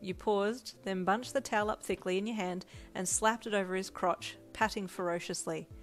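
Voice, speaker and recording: A woman reading a second-person fanfiction story aloud in an even storytelling manner. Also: mid-range voice, moderate pace, soft background music. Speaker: fanfic reader.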